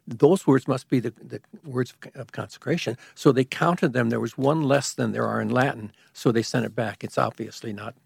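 A man in a calm, measured conversation, explaining church matters at length with occasional restarts. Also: medium pitch, creaky, breathy edge, dry recording, clean studio sound. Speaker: guest expert on liturgy.

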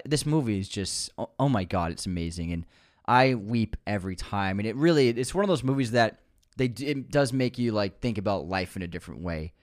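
A man's voice: fairly low pitch, dry recording, studio quality. A young man co-hosting a casual film podcast, gushing with enthusiasm and laughing often. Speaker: podcast co-host.

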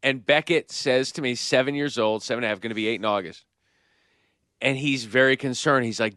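A man's voice: medium pitch, brisk, pushed and bright, no echo. Chatty man telling family stories. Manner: storytelling, laughing often. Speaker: podcast co-host. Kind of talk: casual chat.

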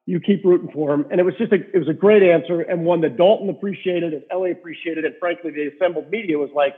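A man's voice: a little high, fast talker, breathy edge. A middle-aged man, a rink-side hockey reporter, telling rambling anecdotes full of fillers as an interview guest. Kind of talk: casual storytelling interview. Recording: tinny phone-like line.

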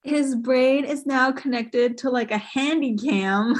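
A woman's voice: sits high, slow pace. A woman co-hosting a podcast, chatting casually and giggling while recapping a film. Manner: giggly, animated. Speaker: podcast co-host.

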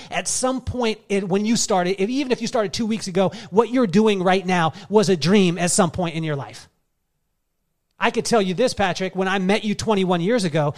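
A middle-aged man giving an emphatic, story-driven motivational speech at a live summit. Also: high voice. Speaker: keynote speaker.

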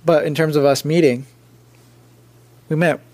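Casual, halting young man, pitched a bit high. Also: fairly even intonation, a little mellow. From India. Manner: hesitant, many fillers and restarts. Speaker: podcast co-host. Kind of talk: casual chat.

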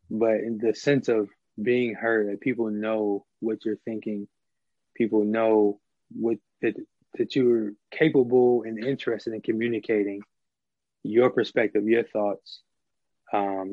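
A man's voice: on the low side, a little mellow, no echo, muffled recording. A middle-aged man talking through ideas in a casual conversation, with many fillers and restarts. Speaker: podcast guest.

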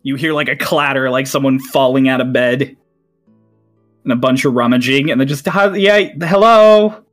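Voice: medium pitch, flat delivery, moderate pace, a bit bright. A game master narrates a tabletop game in a loose, laughing manner. Faint music plays underneath the voice.

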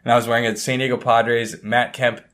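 A young man co-hosting a podcast, telling animated, profane stories in casual chat. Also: medium pitch, brisk. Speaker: podcast co-host. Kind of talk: casual storytelling.

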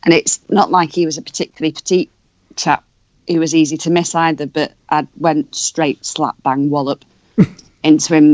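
A woman co-hosting a podcast, telling brisk, playful anecdotes. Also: low voice, a little mellow, no echo, highs cut off. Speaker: podcast co-host. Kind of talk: casual anecdote.

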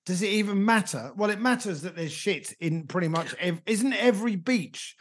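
A man's voice: high-pitched, lively intonation, moderate pace. A man with a British English accent, co-hosting a podcast and telling rambling comic anecdotes with chuckles. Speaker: podcast co-host. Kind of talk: casual chat.

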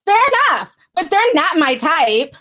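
A woman's voice: high voice, very animated, a little slow, pushed and bright, exaggerated voice. A woman putting on a drawling Valley Girl. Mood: mocking. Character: mocking young Valley Girl woman reading out chat messages.

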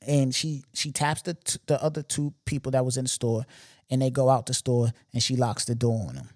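A man's voice: mid-range voice, a little fast, no echo. Slangy storytelling man, dry sound. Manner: animated, slangy, emphatic retelling with repeated asides. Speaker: podcast host. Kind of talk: casual storytelling monologue.

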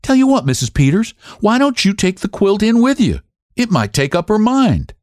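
A plain-spoken farm wife with folksy, homespun talk, as a man puts her on in a storybook reading. Her voice sits high and swings a good deal in pitch. The sound is dry and close. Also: very animated, measured pace, darkish tone, no room sound. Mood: wistful.

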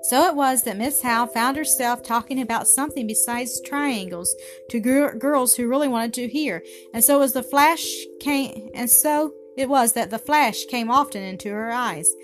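A woman's voice: on the high side, normal speed. Woman reading a story over music. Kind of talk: scripted narration. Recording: music playing behind the voice.

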